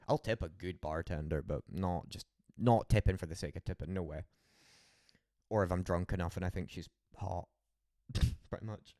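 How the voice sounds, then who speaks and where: A young man with a Scottish accent talks in a lowish voice, telling loose, sweary stories for his stream. The sound is dry and close. He drifts from one tale to the next with plenty of laughs. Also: fairly quick, a little mellow, no room sound. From Scotland. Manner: rambling, swearing storyteller with frequent laughs. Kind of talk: casual late-night stream chat.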